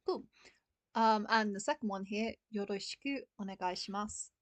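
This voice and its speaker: A young British woman teaching a casual beginners' language lesson, chatty and laughing often, slowing down to pronounce words clearly. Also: mid-range voice, no room sound. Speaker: Japanese teacher.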